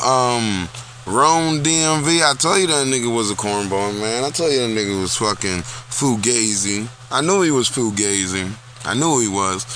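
Forceful, foul-mouthed ranting man. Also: mid-range voice, slight background noise. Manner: blunt, profane, repetitive ranting. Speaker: vlog host. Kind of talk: casual profane rant. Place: small town.

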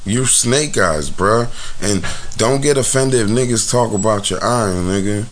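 Blunt low-voiced man rambling casually. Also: unhurried. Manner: blunt, profane, rambling with many fillers. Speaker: podcast host reviewing rap battles. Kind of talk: casual commentary monologue.

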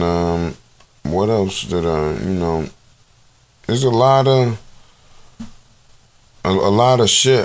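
Guy w a lowish voice just rambling to the camera, swears a ton, lots of "you know what im saying". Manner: profane, slangy, full of fillers like "you know what I'm saying". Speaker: vlogger commenting on news and videos. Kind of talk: casual rambling monologue.

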